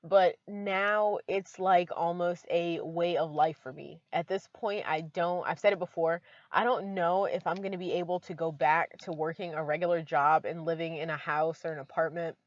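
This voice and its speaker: A woman's voice: fairly low pitch, steady tone, moderate pace, few pauses, dry recording, dull audio. A woman vlogging from inside her car, chatty and emotional, with many fillers. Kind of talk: casual vlog talk to camera.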